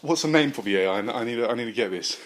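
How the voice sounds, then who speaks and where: A man's voice: mid-range voice, lively intonation, very fast, slight background noise. A man hosting a podcast, improvising a comic story in a rambling, profane way. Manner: rambling, profane, many fillers and restarts. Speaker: podcast host.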